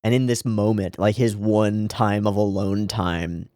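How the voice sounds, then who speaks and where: A man's voice: lowish voice, steady tone, a little slow, a little mellow, dry recording, clean studio sound. A man hosting an anime reaction show, talking casually and emotionally and swearing freely as he comments.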